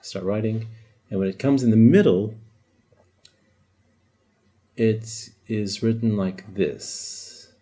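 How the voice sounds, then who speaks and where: A man whose first language is Arabic teaches a casual whiteboard language lesson, patiently explaining, demonstrating sounds and joking lightly. His voice is warm and on the low side, and he takes it slowly with long pauses.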